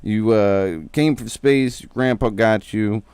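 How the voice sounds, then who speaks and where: A man's voice: fairly low pitch, slow pace, darkish tone, clear, resonant tone, dry recording. A man voicing a blunt, rambling old male martial arts hermit in a casual comic recap. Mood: offhand. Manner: rambling, offhand, swearing.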